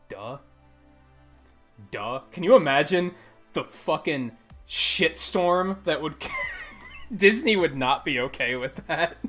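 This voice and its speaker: A man's voice: fairly high pitch, lively intonation, slow, long pauses, fairly bright tone. A man live-streaming a video game, rambling casually and swearing often. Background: faint game music.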